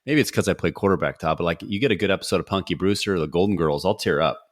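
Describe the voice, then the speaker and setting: A middle-aged man hosting a podcast in a casual, upbeat and jokey way, firing off quick quiz questions. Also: sits low. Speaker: podcast host. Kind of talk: casual interview talk.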